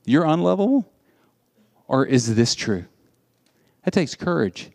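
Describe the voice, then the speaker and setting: A man preaching a sermon in an animated, conversational storytelling way. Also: a little high, measured pace, creaky.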